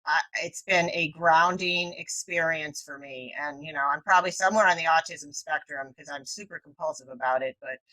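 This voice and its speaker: A woman's voice: low-pitched, a little fast, hardly any pauses, sharp tone, poor audio. A woman hosting a talk over a video call, reflective and often correcting herself mid-sentence. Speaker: host. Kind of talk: casual conversation.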